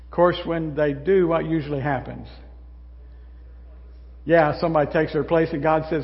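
A man's voice: fairly high pitch, moderate pace, long pauses. An older man, a pastor, preaching a sermon in a folksy, conversational way, often asking the congregation questions. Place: church sanctuary. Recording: muffled sound in a large reverberant hall.

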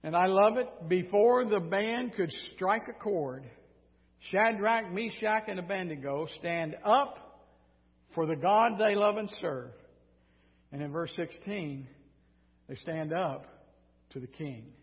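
Male pastor, sermon, high voice, lively and sarcastic, muffled sound. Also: takes it slowly. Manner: animated storytelling, sarcastic asides. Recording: dull sound in a reverberant hall.

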